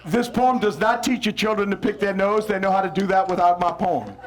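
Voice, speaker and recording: Fairly quick and high-voiced, this New Orleans poet leads a call-and-response performance for children and adults in a school hall. He delivers his poems theatrically and prompts the live audience to repeat lines, which they do faintly in the background.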